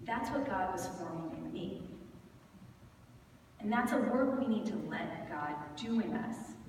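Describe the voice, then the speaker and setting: A woman's voice: medium pitch, expressive, unhurried, a little mellow. Woman preaching, candid and laughing, in her thirties, noisy hall recording, lots of echo. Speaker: conference speaker. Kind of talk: storytelling sermon. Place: large conference hall. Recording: echoey hall from far off, noisy.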